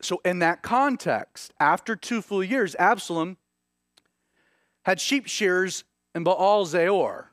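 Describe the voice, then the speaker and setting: A man in his thirties preaching a sermon, moving between loud, emphatic points and quiet, hushed storytelling. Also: high-pitched, slow pace, no echo, studio quality. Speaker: pastor.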